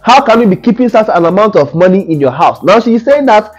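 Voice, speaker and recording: A man's voice: high-pitched, lively intonation, fast talker, slightly rough. A man with a Ghanaian accent giving casual news commentary, indignant and full of rhetorical questions. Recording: dull lo-fi audio with faint music.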